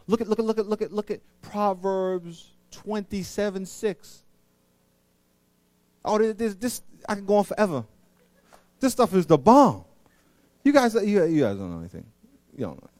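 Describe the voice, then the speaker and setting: Middle aged guy preaching, high voice, animated, does little voices, dry mic. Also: no room sound. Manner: animated, acts out voices in anecdotes; slows down to read scripture. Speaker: pastor. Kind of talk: sermon.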